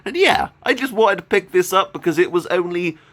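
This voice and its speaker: Chatty man with a lively voice. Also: sits high, brisk. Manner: chatty, enthusiastic, laughs often. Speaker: gaming YouTuber. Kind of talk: casual vlog, showing off a game haul.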